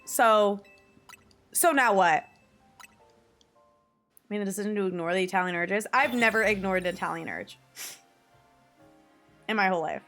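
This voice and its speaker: Young new woman streaming, chatty and swears a lot, some quiet game music behind her. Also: mid-range voice, moderate pace, long pauses. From New York / New Jersey area. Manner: chatty, swears casually, laughs often. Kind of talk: casual chat to viewers while gaming.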